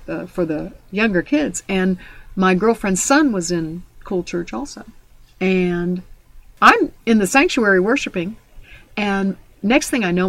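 A woman delivering a sermon in an easy, storytelling manner, weaving in scripture. Her voice sits at a middle pitch and is recorded close and dry, with no room echo. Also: a bit bright. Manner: storytelling, conversational with scripture quotes. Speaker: preacher.

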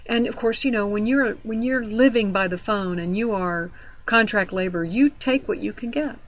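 A woman's voice: medium pitch, normal speed, low-quality recording. A middle-aged woman giving a devotional teaching in an earnest, emphatic, conversational way, mixing in personal stories. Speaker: Christian devotional speaker.

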